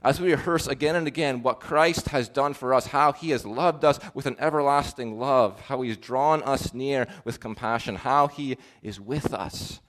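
A man preaching a sermon, earnest, rising to emphatic swells and dropping to soft, quiet endings. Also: mid-range voice, normal speed, few pauses.

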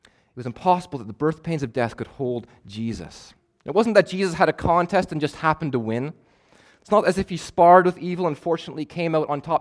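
A male preacher delivering a sermon, emphatic and measured, repeating key phrases for weight. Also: a little high, expressive. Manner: measured, stretches words for stress.

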